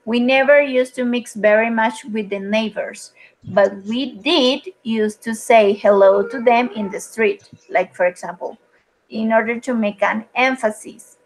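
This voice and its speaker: Woman English teacher on a video call, higher voice, unhurried, patient explainer. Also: slight background noise, low-quality recording. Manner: patient, explanatory, with frequent fillers. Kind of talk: online grammar lesson.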